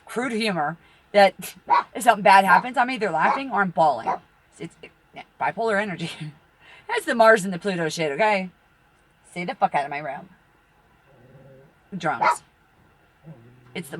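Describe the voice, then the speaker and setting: A woman's voice: on the low side, animated, a little fast, a bit bright. A middle-aged woman telling rambling personal stories, swearing freely and laughing at her own misfortunes. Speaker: tarot reader and channel host.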